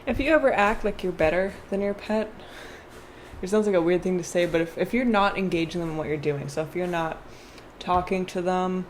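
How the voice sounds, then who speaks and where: A woman's voice: fairly low pitch, a little fast, a little hiss or hum. Chatty woman giving a tarot reading. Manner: chatty, rambling, with frequent fillers and restarts. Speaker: tarot card reader. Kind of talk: casual tarot reading vlog.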